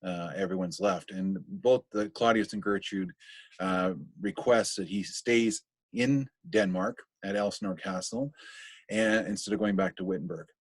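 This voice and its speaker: A man's voice: sits low, measured pace, dry recording. A man teaching a recorded literature lesson, thinking aloud casually as he explains.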